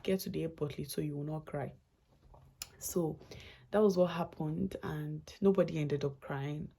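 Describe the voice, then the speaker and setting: A young woman tells her travel story in a chatty, rambling way, circling back and restarting as her feelings come up. Her voice sits low and husky, with a gravelly edge and a warm, dark tone. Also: steady tone, moderate pace. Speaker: vlogger. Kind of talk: casual storytelling vlog.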